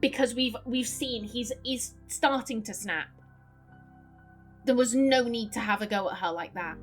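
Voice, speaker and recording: A woman's voice: on the high side, a little slow, faint music behind. Worried woman doing game commentary. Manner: earnest, worried. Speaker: let's play host.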